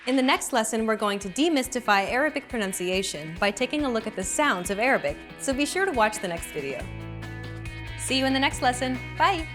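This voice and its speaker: A woman's voice: a little high, big pitch swings, a little fast, music in the background. Upbeat woman hosting a language lesson. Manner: upbeat, clear teaching delivery. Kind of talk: scripted instructional narration.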